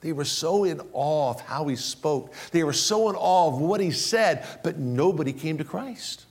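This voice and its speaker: A male pastor preaches animatedly, repeating key phrases and swinging from loud emphasis down to low, slow drops.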